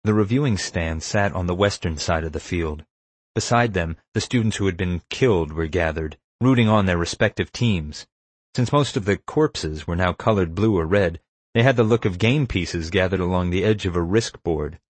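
The first-person adventure story is narrated by a man with a low, chest-deep voice, speaking in a measured, steady manner as an audiobook narrator. No room sound comes through in the dry, close recording.

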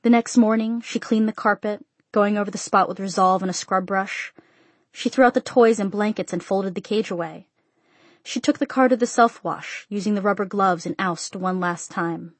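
A woman reads a literary story aloud in a steady, measured voice of middling pitch. Her tone is soft and breathy, and the recording is dry and close with no room sound. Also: dry recording. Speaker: narrator. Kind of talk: audiobook narration.

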